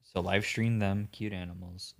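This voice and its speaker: A man's voice: sits low, fairly even intonation, moderate pace. A man co-hosting a podcast in casual chat, joking and laughing often. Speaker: podcast co-host.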